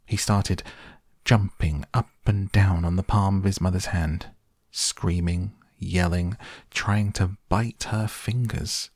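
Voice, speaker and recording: A male storyteller reading an audiobook in a measured, expressive way. His voice is very low and unhurried, with a gravelly, husky texture, recorded dry and close. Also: dry recording. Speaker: narrator. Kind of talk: scripted audiobook narration.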